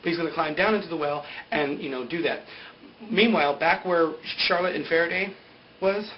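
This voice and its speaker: A man's voice: a little high, normal speed, a little hiss or hum. Chatty young man, dull lo-fi recording. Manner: chatty, filler-heavy, often laughs at own jokes. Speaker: TV recap vlogger. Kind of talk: casual TV episode recap. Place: indoor greenscreen video setup.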